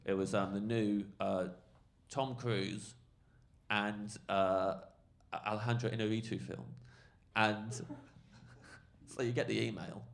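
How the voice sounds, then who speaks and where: A man's voice: fairly low pitch, gravelly. A man, a comedian guest, telling a story with laughing asides at a live podcast show. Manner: animated, laughing, quick asides. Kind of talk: comic storytelling. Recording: noisy live podcast recording.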